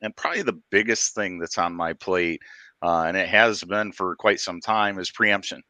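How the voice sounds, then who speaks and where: A man being interviewed as a guest, explaining in a measured way with frequent ums. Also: low-pitched, sharp tone, no room sound. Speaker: guest, drone regulatory affairs director. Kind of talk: interview answers.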